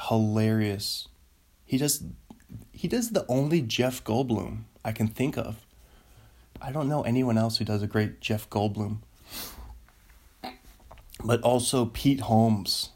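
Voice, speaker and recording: Slow, rambling man chatting. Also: on the low side, a little mellow. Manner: meandering, self-interrupting, laughs often. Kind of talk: rambling solo casual chat.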